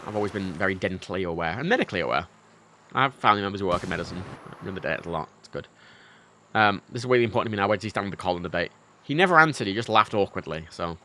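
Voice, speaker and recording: Young man, livestream gamer, bright voice, lively pitch, rambling, self-mocking, sudden loud outbursts. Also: very fast, slight background noise. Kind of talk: casual gameplay chat.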